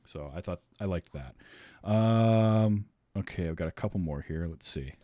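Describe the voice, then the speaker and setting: A man's voice: deep voice, moderate pace, background noise. A man hosting a podcast, chatting casually about a film with friends, laughing often and tossing in sarcastic asides. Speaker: podcast host. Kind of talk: casual chat.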